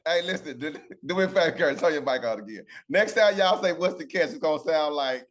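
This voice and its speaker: A man's voice: on the high side, expressive, fast talker. A man teaching a casual Bible lesson over a video call, chatting with his group and keeping them in with a "right?".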